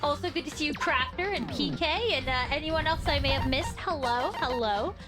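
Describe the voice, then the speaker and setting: Female streamer host, high voice, casual chatter over game music. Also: normal speed. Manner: chatty, greets viewers by name. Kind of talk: casual live-stream chat.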